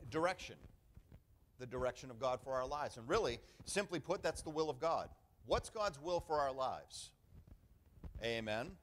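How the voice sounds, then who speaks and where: Delivering a sermon, a middle-aged pastor speaks emphatically and conversationally at a typical male pitch. Calls of "amen" and repeated phrases punctuate his points, and the recording carries a little hiss or hum.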